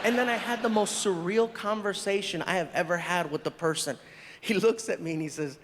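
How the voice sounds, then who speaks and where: A man's voice: high-pitched, fairly quick, slight background noise. A man doing stand-up comedy storytelling, acting out voices and laughing along. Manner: animated, acts out voices, laughs. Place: large theater stage. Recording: stage hall reverb, faint audience.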